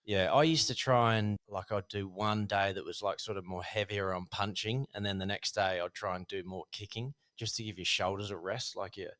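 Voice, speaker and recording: A man, a guest telling a casual, animated story about his boxing past with many fillers. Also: lowish voice, moderate pace, hardly any pauses. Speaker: podcast guest, former Thai boxer.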